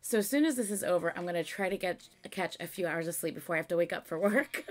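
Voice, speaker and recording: A young woman reacting to a music video at home, gushing with excitement while keeping her voice down so she doesn't wake anyone. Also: fairly low pitch, fast talker. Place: home, early morning.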